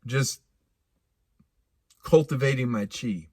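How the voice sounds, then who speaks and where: A man telling a personal story casually, animated and laughing, with vivid sound effects. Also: medium pitch, slow, no room sound, studio quality. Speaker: speaker.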